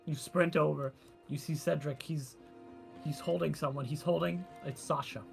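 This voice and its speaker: Higher-voiced man narrating dramatically. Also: steady tone, normal speed, vocal fry, soft background music. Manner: dramatic narration with loud bursts. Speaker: game master. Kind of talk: narrating a tabletop game.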